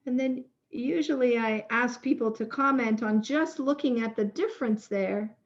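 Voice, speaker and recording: A woman leading a self-compassion workshop, slowly and gently guiding listeners through a reflective exercise. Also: on the high side. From Canada. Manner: slow, gentle prompting with pauses. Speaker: workshop leader. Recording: dull lo-fi talk recording.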